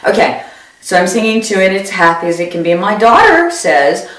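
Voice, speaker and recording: A woman comedian telling a comic story in an animated way, often jumping into high squeals for quoted voices, recorded from a distance in an echoey room. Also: a little fast. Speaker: stand-up comedian.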